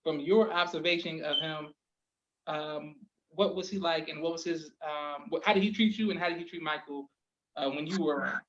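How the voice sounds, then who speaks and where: A man's voice: on the high side, moderate pace, fairly bright tone, muffled recording, a little hiss or hum. A man hosting a podcast interview, respectful and affirming, often answering yes sir. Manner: deferential, keeps saying yes sir. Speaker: podcast host.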